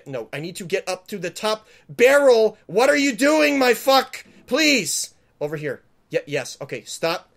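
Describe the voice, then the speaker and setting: A man playing a video game and commenting, panicky and swearing, pleading with the game and yelling when he fails. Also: high voice, gravelly. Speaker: gamer. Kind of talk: let's play commentary.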